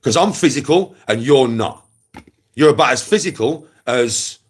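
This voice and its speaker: Addressing the camera in a casual, taunting rant, a West Midlands man repeats his mocking jibes and keeps laughing. The vlogger has a mid-range voice with lively intonation, a breathy edge, and a moderate pace.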